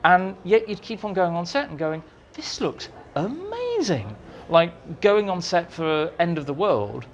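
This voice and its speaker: Male writer guest, animated storyteller, slightly high voice, faint background hiss. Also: moderate pace, few pauses, muffled recording. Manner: animated, acts out quotes in voices. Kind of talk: anecdotal storytelling. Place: society meeting room.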